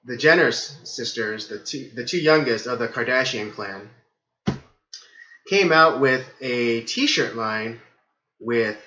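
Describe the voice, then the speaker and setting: A hoarse man hosting a casual livestream podcast, rambling with lots of fillers. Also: mid-range voice, sharp tone, echoey room, highs cut off. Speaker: podcast host.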